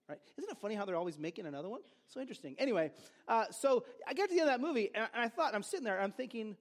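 A man's voice: extremely high pitch, sing-song, rapid-fire. A man preaching a sermon as pastor, with conversational storytelling and joking asides. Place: church service.

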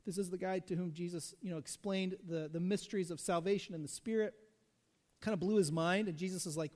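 A man preaching a sermon in a conversational, animated way, full of asides and rhetorical questions. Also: sits high, a little fast, big-room sound. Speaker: pastor.

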